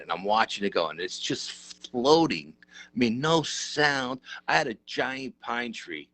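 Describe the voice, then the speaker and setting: A middle-aged man, telling a story as an interview guest in a lively, casual, rough-edged way. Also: medium pitch, measured pace, no echo. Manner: animated, conversational, rough-edged. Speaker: interview guest, paranormal researcher.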